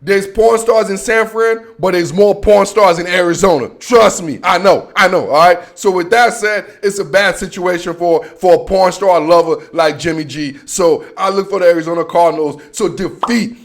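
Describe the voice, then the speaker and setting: A man's voice: high-pitched, moderate pace, hardly any pauses. A man hosting a casual sports show, making playful, slangy predictions about the coming season. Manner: playful trash talk with slang. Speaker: sports podcast host.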